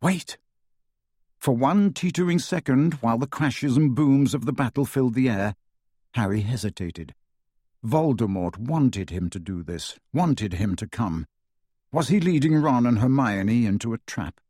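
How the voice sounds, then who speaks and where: A man's voice: mid-range voice, lively intonation, normal speed, dark tone, dry recording, studio quality. A man narrating an audiobook dramatically, with varied pacing.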